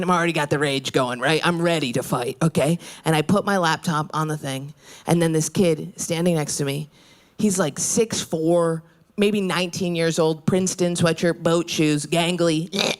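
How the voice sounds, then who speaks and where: A woman in her thirties doing a brash, profane stand-up set on a club stage, swinging her pitch wildly when she quotes people. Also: normal speed. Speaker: stand-up comedian. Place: comedy club stage before a laughing audience. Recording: live room with loud crowd laughter.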